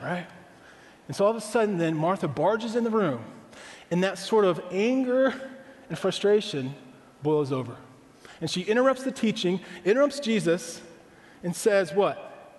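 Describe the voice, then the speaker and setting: A man with a high voice preaches as pastor, keeping it conversational and tossing rhetorical questions to the congregation. His words ring out with a long echo around a large hall. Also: a little fast. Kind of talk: sermon.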